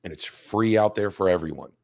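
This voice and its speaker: A man in his fifties talks straight to his viewers as a show host, pressing his points with rhetorical questions. His voice sits a little low and carries a slight hoarseness. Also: fairly quick, darkish tone. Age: 50s. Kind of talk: direct-to-camera commentary.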